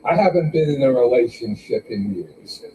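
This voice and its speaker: Older man hosting stand-up, slow and animated. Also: mid-range voice, distant mic, noisy background. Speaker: open mic host. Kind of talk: stand-up comedy. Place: small club with a live audience. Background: audience laughter.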